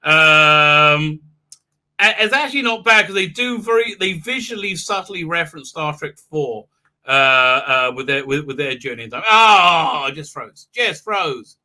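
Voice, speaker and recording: A man's voice: fairly high pitch, expressive, a little slow, pushed and bright. A man hosting a casual livestream recap, rambling with many fillers and acting out characters in mocking silly voices. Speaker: livestream host reviewing a TV episode.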